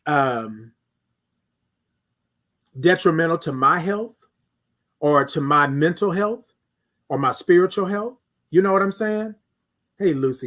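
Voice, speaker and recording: A man hosting a casual monologue podcast, talking animatedly and preaching to listeners. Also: a little high. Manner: animated, preachy, asks listeners "y'all feel me". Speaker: podcast host.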